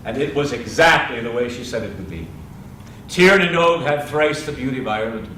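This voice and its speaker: A man's voice: medium pitch, animated, fairly quick, sharp tone, slight background noise. A man telling a legend live to an audience, dramatic and addressing listeners directly. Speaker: storyteller. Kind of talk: live oral storytelling. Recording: roomy, distant live mic.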